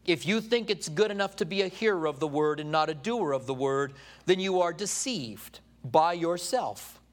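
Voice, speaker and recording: A man preaching a sermon from a study, animated, retelling stories and acting out the voices. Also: on the high side, moderate pace. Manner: animated storytelling, acts out quoted voices.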